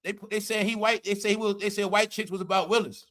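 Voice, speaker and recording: High, bright-voiced man ranting on a livestream. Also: level tone, fast. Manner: loud, laughing, profane, repeats "all right?". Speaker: commentary livestream host. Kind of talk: casual livestream commentary.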